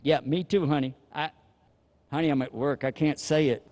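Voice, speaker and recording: A man voicing a newly married man on a work phone call, hurried and evasive. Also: on the high side, steady tone, a little mellow, natural voice.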